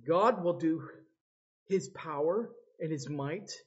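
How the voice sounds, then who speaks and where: A man preaches slowly and deliberately, his voice somewhat husky and pitched a little high. He acts out the words of biblical figures with dramatic swings. The recording sounds dull and lo-fi. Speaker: pastor. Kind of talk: sermon.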